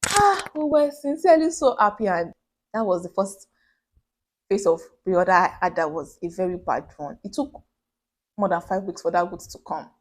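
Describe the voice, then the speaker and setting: Her voice on the low side and her pace moderate, a young Nigerian-accented woman running a small business narrates a personal story for her vlog. She's an animated storyteller, giving the people she quotes their own voices.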